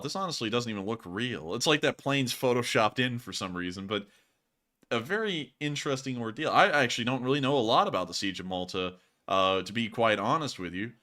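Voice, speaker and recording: A man's voice: lowish voice, sharp tone. A man hosting a live-streamed war news show, answering viewer questions in casual chat, laughing often and joking loosely.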